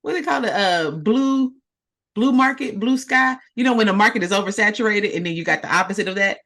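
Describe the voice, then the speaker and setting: A woman's voice: mid-range voice, a little fast, fairly bright tone. Laid-back, laughing woman podcast co-host. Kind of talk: casual chat.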